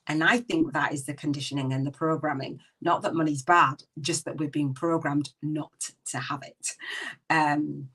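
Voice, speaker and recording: Low-pitched lady in her middle years, heartfelt podcast chat, sounds a little far from the mic. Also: steady tone, moderate pace, a bit bright, slightly rough. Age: middle-aged. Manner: earnest, emotional, rambling. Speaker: podcast host. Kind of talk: live spiritual business podcast.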